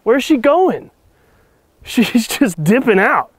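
A man's voice: very high voice, sing-song, slow pace, dry recording. A man casually chatting to the camera in a van vlog in a playful, joking manner. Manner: playful, talks to his dog, sings goofily. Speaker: vlogger. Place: camper van in winter.

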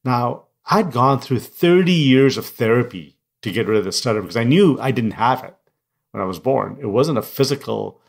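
A man's voice: mid-range voice, animated, moderate pace, vocal fry. Reflective middle-aged man, English not native. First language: non-English first language. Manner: reflective and candid. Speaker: guest, coach and speaker. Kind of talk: personal storytelling in an interview.

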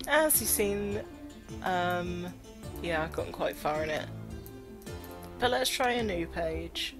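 A woman's voice: on the low side, expressive, takes it slowly, long pauses. A woman giving casual commentary while playing a video game, reading the on-screen text aloud and joking about it. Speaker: let's play gamer. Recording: game music underneath. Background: game music.

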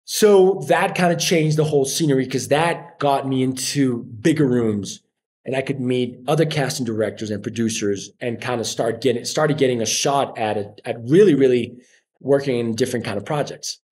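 A man in his forties with a Colombian Spanish accent, chatting as a podcast guest and telling stories with lively acted-out quotes. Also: mid-range voice, moderate pace. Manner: animated storyteller acting out quoted voices. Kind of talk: casual interview chat.

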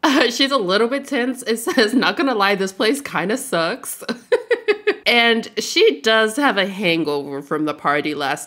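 A woman's voice: mid-range voice, bright, forceful tone. A young woman giving casual, playful commentary on a life-sim game, laughing often. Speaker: gaming YouTuber. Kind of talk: casual let's play commentary.

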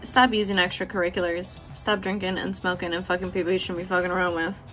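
Over faint music, a woman with a lowish, slightly bright voice talks fast in a flat delivery. As a beauty vlogger speaking to camera, she offers viewers blunt, profane, affectionate motivation, laughing frequently.

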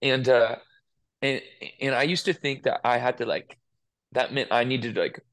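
A man's voice: mid-range voice, moderate pace, a bit bright. A man, a worship musician, talking earnestly and emotionally in a casual interview, often restarting his sentences.

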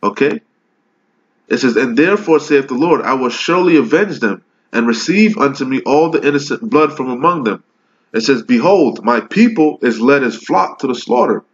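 A man's voice: medium pitch, expressive, moderate pace. Fiery swearing male preacher, lo-fi. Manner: rants, swears, punctuates every point with "okay?". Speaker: street preacher. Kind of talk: fiery profane sermon. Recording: muffled lo-fi recording.

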